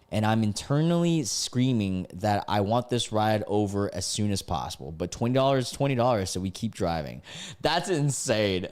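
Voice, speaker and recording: A young man is streaming live, reading stories aloud and reacting with lots of exclamations and laughter. His voice is fairly low-pitched, clear and resonant. He comes across as excitable, laughing and exclaiming often.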